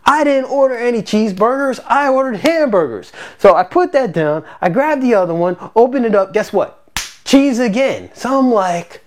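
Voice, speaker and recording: A parent casually telling a personal story to camera, animated and exasperated, acting out the quoted lines with big jumps in pitch. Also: normal speed. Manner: exasperated, recounting a grievance.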